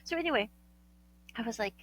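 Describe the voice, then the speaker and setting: A woman's voice: fairly high pitch, expressive, fairly quick, a bit bright, poor audio. A woman from the United States telling a story in casual chat. She laughs often and acts out the dialogue she quotes.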